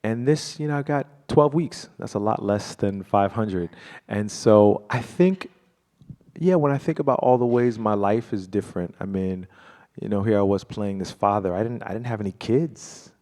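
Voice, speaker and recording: Low-voiced man speaking reflectively. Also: mellow. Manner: reflective, halting, many fillers and restarts. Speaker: guest performer. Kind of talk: live stage conversation. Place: live event before an audience.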